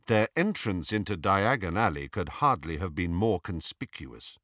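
A man narrating an audiobook in an expressive, storytelling manner. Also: low-pitched, moderate pace, dry recording, clean studio sound.

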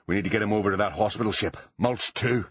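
A stern, commanding male bodyguard, voiced by a man reading a storybook aloud. He speaks in curt orders with a deep, husky tone. The recording is close and dry. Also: fast, dry recording.

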